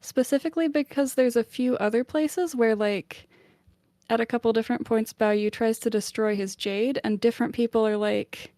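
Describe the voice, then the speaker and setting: A woman on a book club podcast casually retelling a chapter of a novel, chatty and animated, with plenty of "like". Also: on the high side, moderate pace, no echo, studio quality. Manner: chatty, lots of "like", animated summarising.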